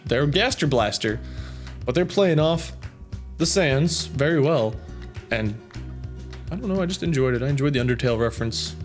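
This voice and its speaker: A man's voice: medium pitch, expressive, moderate pace, long pauses, soft background music. Chatty man reading viewer comments. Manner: chatty, rambling, self-amused. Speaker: YouTube gaming channel host.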